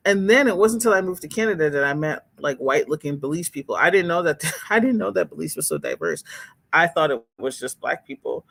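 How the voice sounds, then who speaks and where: A woman's voice: low-pitched, fairly quick, gravelly. A woman hosting a livestream in casual chat, speaking candidly and expressively to viewers as she reads their comments. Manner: candid and expressive, exclaims and laughs, talks straight to viewers.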